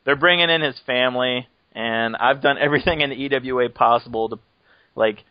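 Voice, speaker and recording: A man's voice: medium pitch, fairly quick, dry recording. A man hosts a podcast in easygoing, rambling chat, cracking jokes and laughing now and then. His voice sits in a middle register. The sound is dry and close, with a dull, lo-fi call quality. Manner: joking, rambling, laughs often. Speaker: podcast host. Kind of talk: casual chat.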